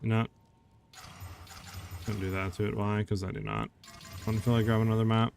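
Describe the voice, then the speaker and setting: A man's voice: on the low side, level tone, fairly quick, creaky, darkish tone, slight background noise. A man streaming a game, chatting casually with his viewers in a laid-back, talkative way. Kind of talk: casual live-stream chat while gaming.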